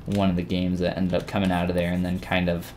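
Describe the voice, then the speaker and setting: Deep-voiced man chatting through a live sculpting tutorial. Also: quick pace, a little hiss or hum. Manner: relaxed, rambling, with frequent fillers and restarts. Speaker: 3D sculpting instructor streaming live. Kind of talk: casual live-stream tutorial, chatting with viewers while working.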